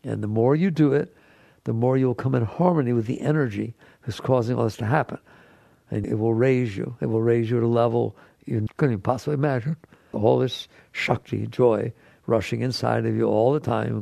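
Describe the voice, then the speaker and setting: Very gravelly, husky man teaching. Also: medium pitch, steady tone, normal speed, warm tone, no room sound. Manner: emphatic, repetitive, conversational. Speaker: spiritual teacher. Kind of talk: spiritual talk to an audience.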